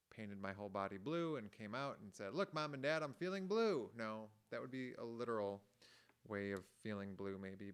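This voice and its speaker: A man teaching young children about emotions, gently explaining each word and acting out the feelings with sighs and groans, with chatty asides. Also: on the low side, smooth. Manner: chatty asides, thinks aloud. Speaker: music teacher. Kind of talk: children's lesson with guitar. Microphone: home recording mic. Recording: guitar music under the voice. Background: guitar chords under the voice.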